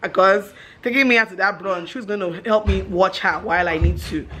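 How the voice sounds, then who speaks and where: A woman's voice: medium pitch, brisk. A woman in her thirties with a Nigerian accent, talking casually to camera in a home vlog and slipping into pidgin. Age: 30s. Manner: chatty, mixes in pidgin, turns loud and giddy when excited. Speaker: vlogger.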